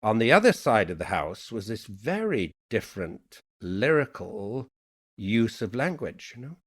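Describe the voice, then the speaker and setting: A middle-aged man with a mixed Yorkshire, Irish and American accent, speaking in an unhurried, thoughtful way as a guest poet in a reflective conversation. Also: lowish voice, sing-song, husky. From England, Yorkshire.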